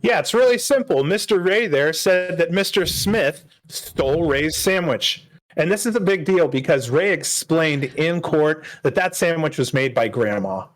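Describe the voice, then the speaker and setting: Podcast cohost dude, laughs a lot, talks quick and casual. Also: male voice, fairly high pitch, animated. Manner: laughs often, brisk commentary. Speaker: podcast co-host.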